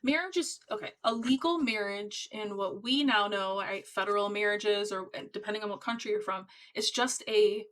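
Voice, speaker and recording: A woman's voice: mid-range voice, a little fast, few pauses, fairly bright tone, low-quality recording. Chatty woman giving an encouraging tarot reading. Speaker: tarot reader. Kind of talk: casual tarot reading to camera.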